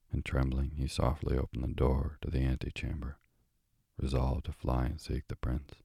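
Sleep-story narrator, male, soft and drowsy, deep monotone, dry close sound. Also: creaky, husky, no echo. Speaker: bedtime story reader.

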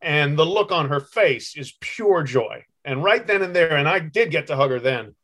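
Middle-aged man with a fairly high voice. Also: animated, normal speed, fairly bright tone. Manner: easygoing, laughs often, tells stories fondly. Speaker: guest sportswriter. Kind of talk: casual interview chat.

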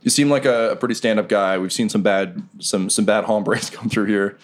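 A man voicing a rough prison guard in a tabletop game who turns soft and cooing over an injured dog. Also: fairly low pitch, fairly even intonation, normal speed, close to an everyday voice. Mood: earnest. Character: gruff male prison guard, soft on dogs.

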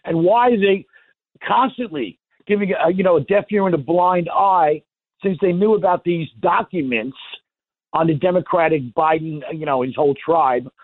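A man's voice: a little high, moderate pace, no room sound. Rambling male caller over a phone line. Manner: rambling, folksy, indignant. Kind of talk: call-in talk radio. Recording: tinny dry phone line.

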